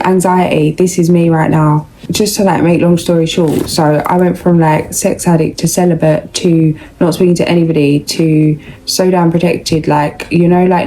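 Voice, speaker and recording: A woman's voice: lowish voice, dark tone, a little hiss or hum, low-quality recording. A young woman giving a casual, rambling tarot reading, chatty and full of slang. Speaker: tarot reader.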